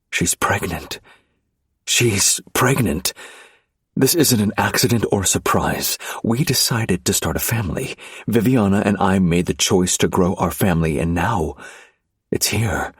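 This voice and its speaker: A man narrating a romance audiobook in the first person, low, measured and intense. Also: breathy edge, no room sound, clean studio sound.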